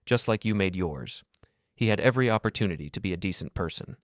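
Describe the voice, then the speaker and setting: A man's voice: deep voice, lively intonation, fast talker, dry recording, studio quality. A man voicing a sister who speaks firmly and matter-of-factly in support of her brother. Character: brisk supportive sister, firm and proud.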